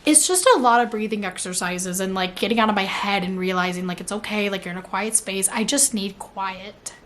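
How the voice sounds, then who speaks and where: There's slight background noise as a young woman vlogger replies to viewer questions in a mid-range, a bit bright voice, speaking a little fast. She chats casually, saying "like" often and laughing at herself mid-sentence.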